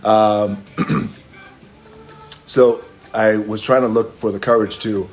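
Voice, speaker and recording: A man's voice: fairly low pitch, fairly even intonation, slow, soft background music. A man hosting a phone live stream, telling a casual, profane story with chuckles along the way. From Hawaii. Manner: loose, profane, chuckling anecdotal delivery.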